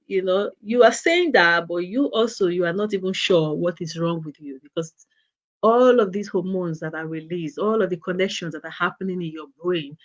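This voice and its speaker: A woman hosting a casual advice talk for teenage girls, speaking gently with many restarts and "you know" fillers. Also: on the low side. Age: adult. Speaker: host of a girls' talk channel.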